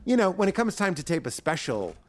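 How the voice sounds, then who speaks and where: A man's voice: high-pitched, very animated, brisk. A man, a stand-up comedian, talking as a guest on a podcast, riffing animatedly and acting out his own bits in character voices. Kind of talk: podcast interview chat.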